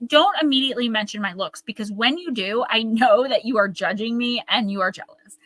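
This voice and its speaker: Woman, live oracle reader, earnest and encouraging; crisp bright voice, dry close sound. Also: a little high, moderate pace, no room sound, low-quality recording. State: tearing up.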